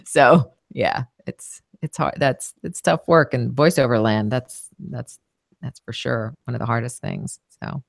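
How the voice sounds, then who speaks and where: A woman's voice: extremely low pitch, a little slow, gravelly, dry recording, clean studio sound. A woman voice actress talking as an interview guest, thoughtful, with many "you know"s and restarts. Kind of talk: casual interview conversation.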